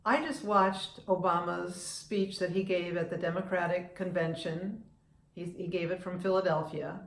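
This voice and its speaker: A woman's voice: on the low side, steady tone, normal speed, roomy sound. A woman in her seventies from the United States, talking casually to camera on her own vlog, chatty and opinionated, often restarting her sentences. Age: 70s. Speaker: vlogger and humorist.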